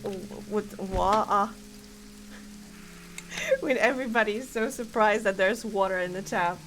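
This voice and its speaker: Over clearly audible game music, a woman gives casual gameplay commentary, giggling often as she chats and thinks out loud on stream. Her voice is mid-range at a normal speed, and there's some background noise.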